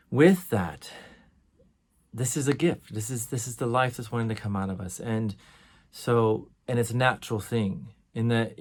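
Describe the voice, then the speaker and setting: A middle-aged man teaching a course on sound healing in a relaxed, conversational way. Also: fairly low pitch. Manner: relaxed and conversational, demonstrates sighs and tones.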